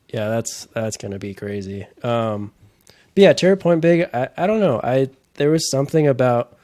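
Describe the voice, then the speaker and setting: A man's voice: medium pitch, a little mellow. A man in a casual podcast chat, telling rambling golf stories and laughing often mid-sentence.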